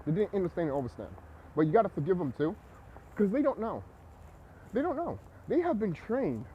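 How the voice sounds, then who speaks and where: A man with a high voice vlogs in an agitated, preachy monologue. He swears freely and keeps repeating himself. His pitch leaps around with lively swings. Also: dull audio, a little hiss or hum. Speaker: vlogger. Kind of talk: ranting monologue to camera.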